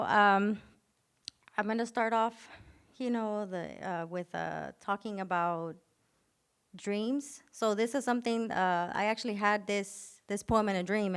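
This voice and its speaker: A young woman poet performing spoken word live, with soft, hesitant chat before a measured, emphatic recitation. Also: mid-range voice, smooth. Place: live venue.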